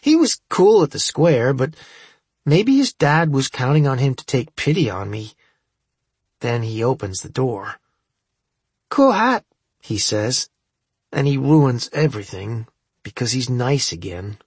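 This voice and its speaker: A man's voice: mid-range voice, lively intonation, unhurried, a little mellow, husky, no echo. A man reading a first-person story aloud as an audiobook narrator, in a wry, conversational way.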